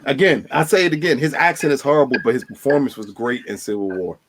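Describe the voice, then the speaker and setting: A man's voice: medium pitch, quick pace, noisy background. A man hosting a casual podcast, teasing his guests and repeating his points with emphasis. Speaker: podcast host. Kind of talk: casual banter.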